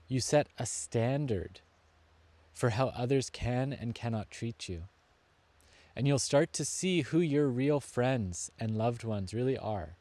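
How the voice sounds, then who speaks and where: A man giving a reflective motivational talk, earnest and deliberate, slowing down to lean on key words. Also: mid-range voice, dark tone, dry recording. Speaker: self-help speaker.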